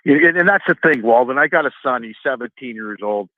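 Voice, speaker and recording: A middle-aged man calling in, telling a rambling, profane story and quoting others with lively voices. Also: mid-range voice, fast, no echo. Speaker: caller. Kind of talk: casual phone-in storytelling. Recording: tinny phone line.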